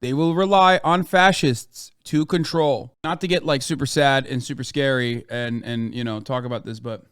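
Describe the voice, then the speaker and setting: A man's voice: mid-range voice, fairly even intonation, normal speed, few pauses, fairly bright tone, slight background noise. An American man streaming a reaction to the news, ranting in an exasperated, profane way. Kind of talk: livestream reaction commentary.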